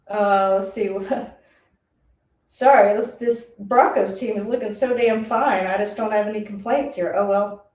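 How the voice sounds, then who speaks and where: A woman talking through a live football game as a streamer, chatty and rambling and often laughing. Her voice is mellow and a little dark. It sits away from the mic in an echoey room. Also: medium pitch, steady tone, unhurried. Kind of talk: casual live play-by-play reaction. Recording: roomy, distant mic.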